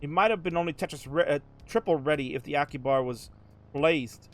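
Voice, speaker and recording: A man's voice: fairly high pitch, fairly quick. Hyped male play-by-play commentator. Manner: jokey, hyped, jumps to shouts at big moments. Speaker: host and commentator. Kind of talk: excited live play-by-play commentary.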